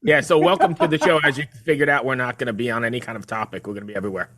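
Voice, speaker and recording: A man hosting a podcast, interviewing his guest in an easygoing way and trailing off quietly. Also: mid-range voice, fairly even intonation, racing. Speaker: podcast host.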